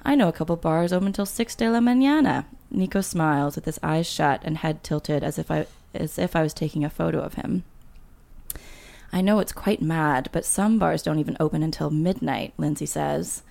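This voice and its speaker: A woman's voice: sits low, moderate pace, creaky, mellow. A woman author chatting casually on a podcast and reading her memoir aloud, laughing often. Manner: laughs often, reads with light voicing of dialogue. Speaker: guest author.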